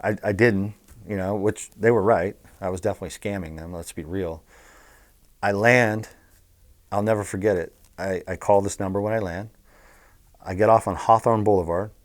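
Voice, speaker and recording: Here's a former bookie from Southern California, middle-aged, swapping crude, straight-talking stories in an interview. His fairly low voice moves at a moderate pace, and he tells his tales with animated, casual energy.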